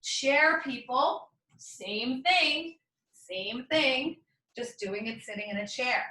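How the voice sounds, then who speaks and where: Woman yoga teacher, bright voice, a bit high, encouraging, echoey room off-mic. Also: expressive, slow pace, distant mic. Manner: encouraging, chatty, talks through each move. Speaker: yoga instructor. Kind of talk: guided yoga class instruction.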